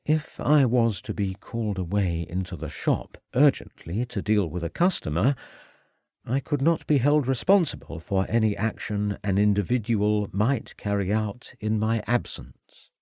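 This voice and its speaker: A man voicing a cautious, formal male shop assistant who speaks in a measured, evasive way. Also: lowish voice, very animated, dark tone, dry recording, studio quality. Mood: guarded.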